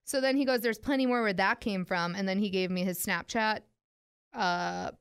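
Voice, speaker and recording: Her medium-pitched voice is gravelly yet clean, moving at a moderate pace. The young adult woman, a radio personality and podcast co-host, chats casually, shares a story, and giggles as she reads out messages.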